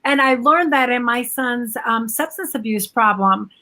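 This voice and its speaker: Woman, middle-aged, guest, high voice, halting, restarts often. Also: pushed and bright. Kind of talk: casual chat on a live stream.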